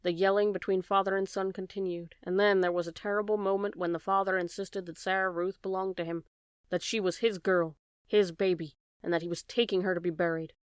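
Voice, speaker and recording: A woman reading a children's novel aloud with steady, gentle narration. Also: medium pitch, brisk, smooth, dry recording, studio quality. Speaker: audiobook reader. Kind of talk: storybook narration.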